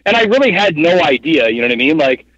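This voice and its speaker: A man in his thirties, a podcast guest telling stories casually, rambling with lots of fillers in an animated way. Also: a little high, fast talker, no echo. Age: 30s. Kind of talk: casual storytelling interview. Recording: dull, muffled podcast audio.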